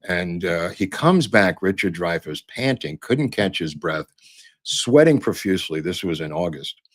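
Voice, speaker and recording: A man's voice: low voice, expressive, measured pace, no echo, studio quality. An older man hosting a podcast, telling rambling showbiz anecdotes in a chatty way, with lots of "uh" and "um" fillers. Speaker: podcast host.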